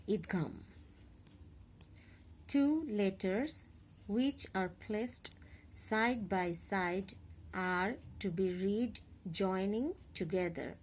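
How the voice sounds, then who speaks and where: Woman, Bangladeshi accent, teacher, slow careful lesson, mellow tone. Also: medium pitch, slight background noise. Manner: slow, careful explanation with spelled-out examples. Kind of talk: recorded online class lesson.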